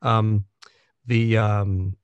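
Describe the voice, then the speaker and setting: Male audiobook narrator as a guest, fairly low voice, dry close sound, reflective and halting. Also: level tone, smooth, no echo, muffled recording. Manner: thoughtful, many restarts and fillers. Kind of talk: conversational interview.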